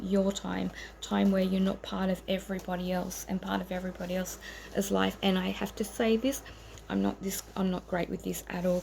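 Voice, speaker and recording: A woman's voice: mid-range voice, gravelly, warm tone, slight background noise, rough recording. A woman giving an informal tarot reading to camera, earnest and rambling, with frequent ums and self-corrections. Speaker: tarot reader.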